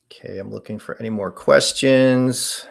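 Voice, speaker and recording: Gravelly and mid-range, this man's voice moves at a normal speed as he hosts a casual paranormal stream. In his forties, he reads out questions from the chat and answers them in a rambling, filler-heavy way.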